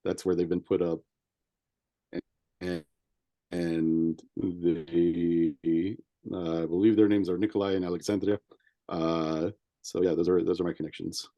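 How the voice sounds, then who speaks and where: A man's voice: low voice, level tone, dark tone, no echo. A man playing in an online tabletop game, speaking hesitantly over a video call. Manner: hesitant, halting. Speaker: player.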